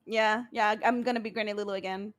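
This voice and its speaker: A woman chatting casually with friends, giggling often and speaking in an animated way. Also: medium pitch, quick pace. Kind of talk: casual chat.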